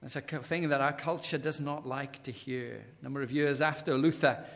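A man preaching a sermon, dramatic, swinging from loud declarations to hushed near-whispers and retelling stories with quoted dialogue. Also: medium pitch, fairly even intonation, moderate pace, vocal fry.

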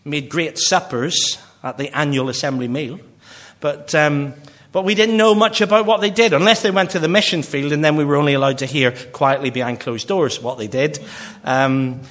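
Earnest Northern Irish man preaching. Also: a little high. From Northern Ireland. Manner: earnest, slows down for emphasis, drops quiet at phrase ends. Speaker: pastor. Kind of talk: sermon.

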